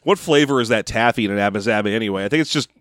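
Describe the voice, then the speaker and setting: A man with a fairly low voice co-hosts a podcast, talking at a racing pace with no echo. The chat is casual, and he riffs with dry, sarcastic jokes.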